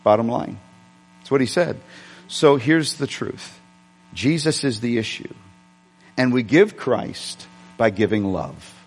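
A man's voice: medium pitch, lively intonation, slow, long pauses, slightly rough, long reverb tail. A man preaching a sermon, telling a personal story conversationally with frequent restarts. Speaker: pastor.

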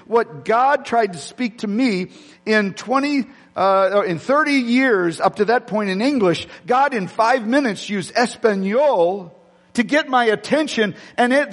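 A male pastor preaching a sermon, telling a personal story with many restarts and speaking directly to his congregation. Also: sits high. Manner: rambling, frequent restarts, addresses congregation directly. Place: church sanctuary. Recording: long hall reverb.

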